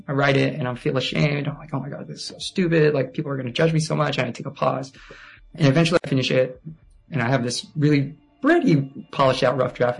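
A young man in his twenties tells a personal story in a rambling, animated way, full of "like" and acted-out quotes. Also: medium pitch, breathy edge. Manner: rambling, animated, heavy use of "like".

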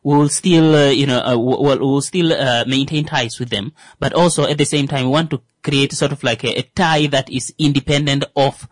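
A man's voice: mid-range voice, steady tone, fairly quick, hardly any pauses, no echo. A man in a casual discussion, talking hesitantly with many fillers and restarts.

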